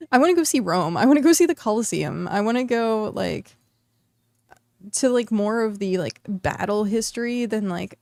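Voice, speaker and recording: A woman's voice: mid-range voice, animated, normal speed, a little mellow, no echo, studio quality. A woman streamer from the United States chatting casually while she plays, rambling with lots of fillers and restarts. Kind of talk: casual chat while gaming.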